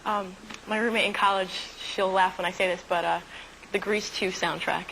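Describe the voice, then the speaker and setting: A woman's voice: mid-range voice, normal speed, gravelly, a little hiss or hum, rough recording. Young woman game show contestant. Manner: relaxed, slightly sheepish, with fillers. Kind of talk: casual chat.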